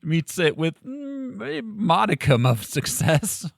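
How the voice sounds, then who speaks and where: A man's voice: a little high, sing-song, slow, vocal fry, no echo, studio quality. A man hosting a casual podcast chat, laughing often as he runs the segments. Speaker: podcast host.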